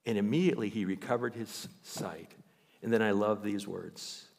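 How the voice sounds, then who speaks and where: A man's voice: on the low side, moderate pace, vocal fry. Man preaching in an echoing church. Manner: animated storytelling, raises voice to act out scripture. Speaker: pastor. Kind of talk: sermon. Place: church sanctuary. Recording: long hall reverb.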